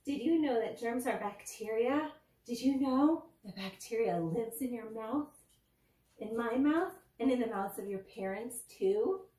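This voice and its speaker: A woman's voice: fairly high pitch, lively intonation, moderate pace, a little mellow, natural voice. A woman doing a cheerful, emphatic dentist. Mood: enthusiastic. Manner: emphatic, exclaiming teacherly delivery. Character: cheerful, enthusiastic adult male dentist. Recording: roomy, from a distance.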